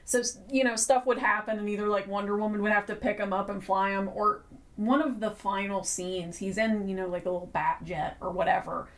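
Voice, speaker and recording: A woman co-hosting a podcast in casual chat, relaxed and chuckling, with many fillers. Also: medium pitch, fairly quick, distant mic. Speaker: podcast co-host.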